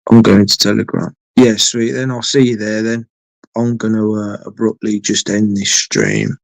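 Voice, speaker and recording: A man's voice: fairly low pitch, expressive, moderate pace, gravelly, no echo, rough recording. A man hosting a late-night live stream from home, chatting to viewers in a rambling, sweary way. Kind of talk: casual chat with viewers.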